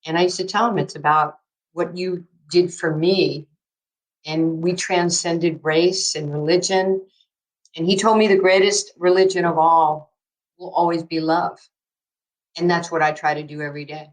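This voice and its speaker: A woman, telling a story as a guest in an interview, emphatic and excitable and laughing through her words. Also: lowish voice, normal speed, rough recording. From New York. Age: 60s. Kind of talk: animated storytelling in a podcast interview.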